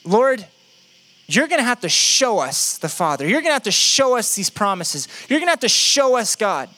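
A man's voice: sits high, big pitch swings, normal speed, bright, forceful tone, full character voice. A man preaching acts out a doubting male disciple who pleads for proof. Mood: pleading. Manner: pleading, insistent.

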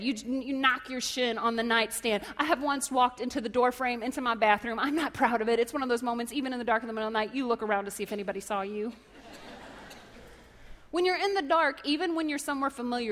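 High-voiced woman preaching in a reverberant hall. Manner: animated storytelling, acts out voices and shouts. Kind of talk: sermon. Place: church hall.

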